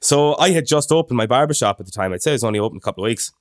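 A young man with an Irish accent, chatting casually on a podcast and spinning a story with plenty of asides. His pitch sits in the ordinary middle range for a man. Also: racing. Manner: chatty anecdotal storyteller, animated impressions of others. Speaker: podcast co-host.

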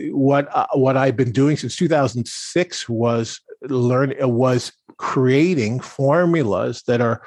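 A man's voice: medium pitch, dry recording, studio quality. A man talking as a podcast guest in a casual, rambling way, with lots of restarts and fillers. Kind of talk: casual conversational interview.

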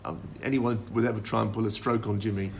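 A man with a low, gravelly voice and a faint hiss of background noise, talking as a former snooker pro. He tells his anecdotes in a relaxed podcast chat and laughs his way through the funny parts. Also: fast.

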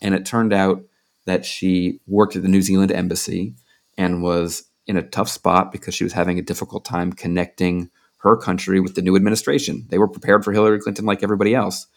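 A man's voice: low-pitched, flat delivery, fairly quick. A man being interviewed as a journalist and author, telling anecdotes in a loose conversational way with frequent fillers.

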